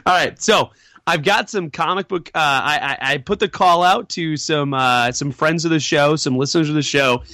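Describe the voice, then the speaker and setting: A man's voice: on the high side, normal speed, bright, forceful tone, no echo. A man hosting a casual podcast, rambling with many fillers and restarts. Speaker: podcast host.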